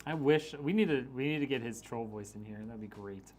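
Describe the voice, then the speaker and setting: A man's voice: medium pitch, fairly quick, a little mellow, soft background music. A man streaming a PC build, chatting casually and teasing viewers as he reads their messages, with frequent laughs. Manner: joking, teasing, laughs often.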